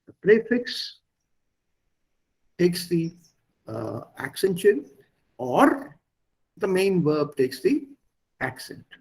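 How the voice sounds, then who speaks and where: A man's voice: high-pitched, big pitch swings, very slow, vocal fry, pauses often, darkish tone, husky, rough recording. A man teaching German in an online class, explaining patiently and repeating words and stresses for his learners. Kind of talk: online language lesson.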